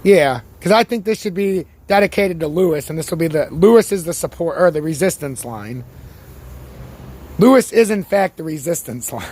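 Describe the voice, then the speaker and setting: A slightly high-voiced man with a worn-out voice rants through his crypto chart breakdown. He swears freely and leans on sports comparisons, talking in a loose, fired-up way. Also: normal speed, breathy edge. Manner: ranting, swears freely, animated sports analogies. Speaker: crypto chart analyst, channel host. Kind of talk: casual profane market commentary.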